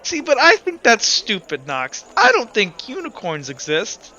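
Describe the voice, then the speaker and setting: A man's voice: very high voice, wildly swooping pitch, measured pace, sharp tone, highs cut off, voice pushed up, exaggerated voice. A man voicing a stubborn, dismissive little girl in a tabletop game. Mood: bratty. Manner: whiny and dismissive.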